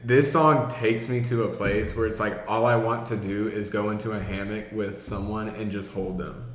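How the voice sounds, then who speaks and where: A young man talks casually and eagerly, circling his points with many fillers. His voice sits fairly low. The room around him rings with echo. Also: fairly even intonation, moderate pace. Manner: enthusiastic, rambling, many "like" fillers. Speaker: music podcast co-host. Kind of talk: casual chat. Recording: echoey room.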